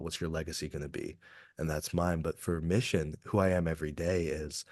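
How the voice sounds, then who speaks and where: In clean, dry studio sound, a low-pitched executive coach from Kentucky, USA, is interviewed on a podcast. He talks earnestly and reflectively and doesn't hide his feelings.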